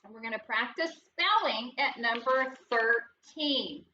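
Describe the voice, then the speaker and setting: A woman teacher leading a phonics lesson in a classroom, talking slowly and deliberately and sounding out letters with encouragement. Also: on the high side, pushed and bright. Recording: distant, dull lo-fi audio with faint noise.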